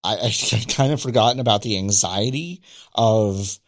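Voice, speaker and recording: A man chatting casually and candidly, getting excited and swearing now and then. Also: fairly low pitch, moderate pace. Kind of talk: casual chat.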